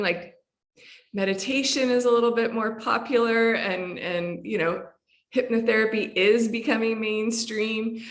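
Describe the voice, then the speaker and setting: A woman hypnotherapist explaining a calming practice in conversation, gentle and relaxed, with frequent fillers and restarts. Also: fairly high pitch. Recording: echoey room.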